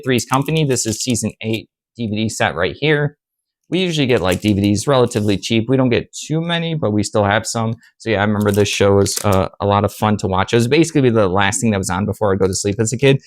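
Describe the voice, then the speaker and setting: A man's voice: lowish voice, no room sound. A young man, the host of a reseller channel, chatting casually about his sales in a rambling, easygoing way with lots of fillers. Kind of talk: casual chat reviewing sales.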